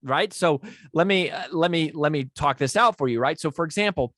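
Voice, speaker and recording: A man's voice: on the high side, a little fast, fairly bright tone, no room sound, clean studio sound. A male podcast host explaining a speaking technique in a conversational teaching manner, often checking in with his listeners.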